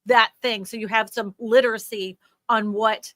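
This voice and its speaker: A woman's voice: fairly high pitch, fairly even intonation, normal speed, fairly bright tone, dry recording, clean studio sound. A woman hosting a livestream, explaining things in a chatty way with many asides. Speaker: host. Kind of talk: casual livestream chat.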